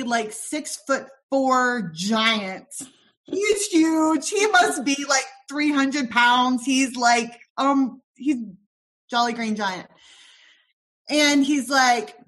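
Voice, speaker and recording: A young woman guest on a podcast interview, telling a personal story with quoted dialogue, soft and halting, with many pauses and ums. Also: high-pitched.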